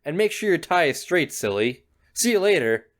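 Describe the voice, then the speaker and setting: A man voicing a poised, caring teenage schoolgirl in a visual novel, reading her lines gently and reassuringly with a teasing edge. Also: on the high side, big pitch swings, moderate pace. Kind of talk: game dialogue read aloud.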